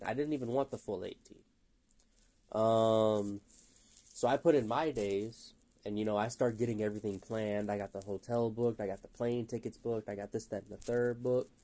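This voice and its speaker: A man's voice: on the low side, dark tone. A man telling rambling, profane anecdotes in a casual, chatty way, often laughing at his own stories. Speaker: gaming channel storyteller.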